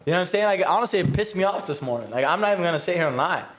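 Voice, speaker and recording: A man's voice: high voice, lively intonation, racing. A man on a casual podcast speaking frankly and confessionally, filling his talk with "like" and "honestly.". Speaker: podcast co-host.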